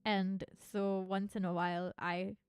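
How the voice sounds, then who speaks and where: A woman's voice: mid-range voice, level tone, unhurried, clean tone, dry recording. A young adult woman streamer chatting casually with viewers, rambling and peppering her talk with "like". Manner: rambling, chatty, full of "like" fillers. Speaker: virtual streamer. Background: music.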